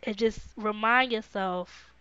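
A woman's voice: mid-range voice, slow, clear, resonant tone, lo-fi sound. A woman podcast host, talking casually to her live viewers, repeating words of encouragement and answering their comments. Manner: warm, repetitive encouragement, reads viewer comments.

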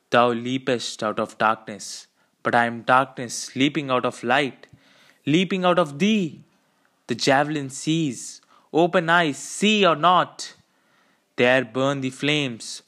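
A man voicing an old, proud and defiant sea captain who declaims in grand archaic speech, slow and raised. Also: medium pitch, fairly bright tone.

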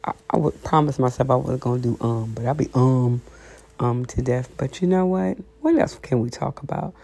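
A woman's voice: very deep voice, moderate pace, dark tone. A woman vlogger giving a blunt, sassy opinion monologue to camera, chatting casually from home with lots of "you know"s. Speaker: vlogger hosting her own talk show. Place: at home, seated with coffee.

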